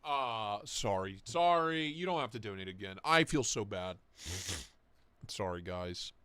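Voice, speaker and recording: Lively joking man hosting a stream. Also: lowish voice, a little slow, smooth, no room sound. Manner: joking, crude, laughs often, reads donations. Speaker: livestream host. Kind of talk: casual livestream chat.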